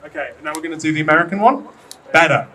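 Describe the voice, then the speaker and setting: A man's voice: a little high, racing, recorded from a distance, a crowd in the background, rough recording. A man with a British accent teaching English pronunciation to a classroom, chatty and teasing, with lots of ums. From Britain. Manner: chatty, hesitant with frequent ums, playfully teasing. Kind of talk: classroom lesson.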